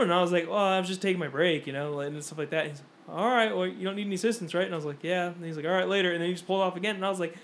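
A young man co-hosting a podcast, telling stories in a casual, animated way and acting out what people said. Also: sits high, rapid-fire, a little hiss or hum. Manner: animated storytelling, acts out quotes. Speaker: podcast co-host.

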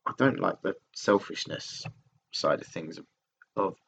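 This solo podcaster's deep, gravelly voice has lively intonation, a measured pace and a fairly bright tone. He talks about himself candidly and casually, rambling, swearing a lot and starting sentences over. The laptop recording carries slight background noise.

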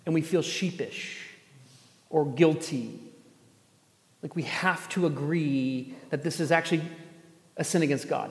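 A man preaches with a slightly high voice that rings through a roomy hall. His sermon builds through pointed rhetorical questions and a touch of dry sarcasm. The long reverb trails behind every line. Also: measured pace, long pauses. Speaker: pastor. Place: church gathering space.

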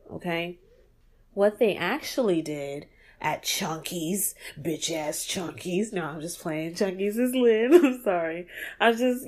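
A young woman from New York hosting her podcast in a casual monologue, animated and profane, laughing often. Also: medium pitch. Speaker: podcast host.

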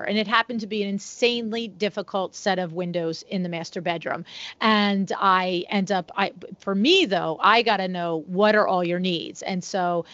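A woman's voice: medium pitch, normal speed, dry recording, muffled recording. A middle-aged woman, a window treatment business owner, telling stories as a podcast guest and acting out both sides of each conversation. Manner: animated storyteller who acts out both sides of conversations. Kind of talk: casual storytelling interview.

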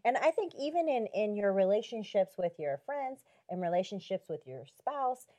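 A woman's voice: medium pitch, big pitch swings, moderate pace, dark tone. A woman on a Christian talk show reflecting on relationships through repeated rhetorical questions.

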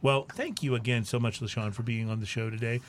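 A man's voice: mid-range voice, fairly even intonation, fairly quick. Easygoing joking male podcast host. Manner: easygoing, joking, many fillers. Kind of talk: casual chat.

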